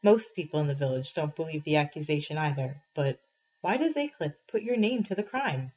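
A weary old village priest speaks in a soft, low, careful voice, as a woman reading aloud plays him. The voice is husky. The sound is dull and lo-fi. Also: lively intonation, brisk. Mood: gentle. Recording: dull lo-fi recording.

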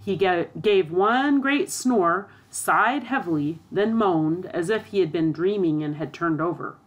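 A woman narrating a storybook aloud in a steady, expressive reading. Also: fairly low pitch, measured pace, dull audio.

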